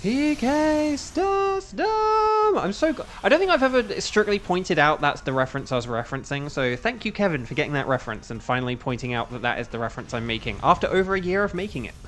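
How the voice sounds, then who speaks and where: A man's voice: mid-range voice, sing-song, quick pace, hardly any pauses, a bit bright, slight background noise. A young English man chatting casually with his stream chat while playing a game, rambling and humming to himself between moves. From England. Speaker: gaming streamer.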